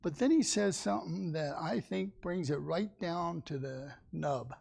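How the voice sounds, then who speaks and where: A man's voice: a little high, measured pace, vocal fry, a little mellow, husky. A man teaching a Sunday Bible class in a folksy way, asking his listeners questions and acting out the people in the story.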